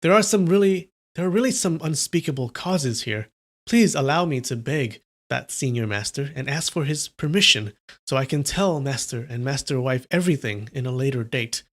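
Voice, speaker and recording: A man's voice: mid-range voice, lively intonation, normal speed, close to an everyday voice. A man voicing a humble, earnest young swordsman who pleads with his master, as he reads a story aloud. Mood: pleading.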